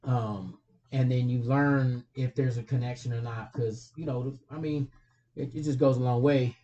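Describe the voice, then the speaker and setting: A man's voice: mid-range voice, steady tone, moderate pace, dark tone, muffled recording. A man from California cohosting a casual chat, joking around in loose slang and laughing often. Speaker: podcast co-host.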